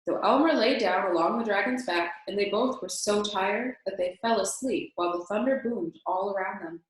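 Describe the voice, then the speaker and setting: A woman reading a children's storybook aloud in calm, steady narration. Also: mid-range voice, normal speed. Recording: very echoey room.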